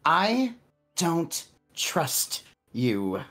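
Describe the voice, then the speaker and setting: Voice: mid-range voice, wildly swooping pitch, drawn-out words, a bit bright, faint music behind, voice pushed up, full character voice. A game master voicing a blunt, suspicious male rat who is easily won over by food, in a tabletop game. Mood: distrustful. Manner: rude, wary, food-motivated.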